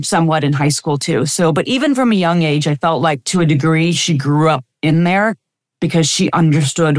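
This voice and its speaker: A woman in her fifties, a chiropractor guesting on a podcast, tells personal stories in a reflective, anecdotal way with frequent fillers. Her voice sits low, with no room sound, in a casual interview.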